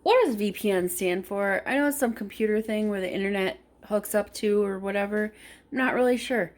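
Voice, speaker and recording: A woman's voice: mid-range voice, a little fast. A woman vlogging casually from her kitchen at home, chatty and rambling, correcting herself as she goes. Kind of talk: casual vlog chat.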